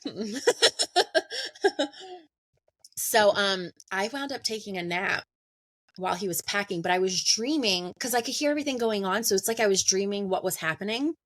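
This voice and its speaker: A woman in her thirties appears as a podcast guest, casually telling a story, laughing often and acting out what people said. Her mid-range voice is a bit bright, with a moderate pace, long pauses, and no room sound.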